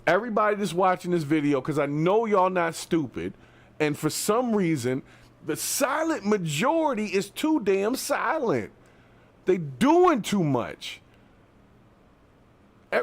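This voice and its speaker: A man delivering a fired-up ranting commentary monologue to his viewers, swinging between yelling and calming down and often asking if they understand. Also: high-pitched, unhurried. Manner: fired-up, repeats "you understand what I'm saying". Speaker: video commentator.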